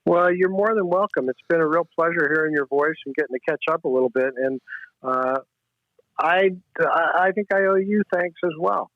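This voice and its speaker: A man's voice: on the high side, normal speed, no room sound. Male guest on a tinny phone line. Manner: warm, dry wit, some stammering. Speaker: guest comedian. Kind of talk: casual interview chat.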